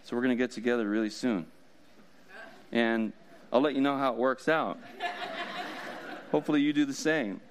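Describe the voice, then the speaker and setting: A man's voice: medium pitch, brisk. A man preaching a sermon as pastor, in a casual, joking way with frequent laughs.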